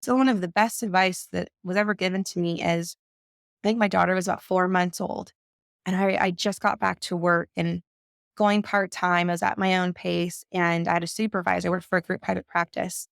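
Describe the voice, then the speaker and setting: A woman coach and mother giving conversational advice, emphatic and quick to act out the voices she quotes. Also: lowish voice, flat delivery, gravelly, dry recording, clean studio sound.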